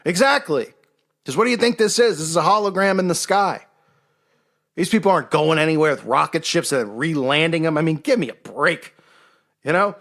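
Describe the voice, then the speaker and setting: A man's voice: fairly high pitch, lively intonation, a little fast, fairly bright tone. A man hosting a casual monologue show, talking in a sarcastic, mocking way. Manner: sarcastic, mocking impressions of others. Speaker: host.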